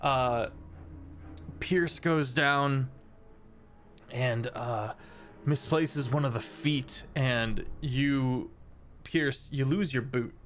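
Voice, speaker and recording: A man as dungeon master, describing scenes in a halting, rambling way with many fillers. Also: medium pitch, fairly bright tone. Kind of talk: narrating a tabletop game.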